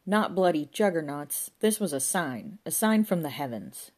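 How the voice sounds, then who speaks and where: A woman putting on a frantic pub landlord who wails his woes at the heavens in a loud, theatrical rush. His voice sits low and strains with melodrama. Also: big pitch swings, moderate pace. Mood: outraged. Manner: wailing, melodramatic pleading.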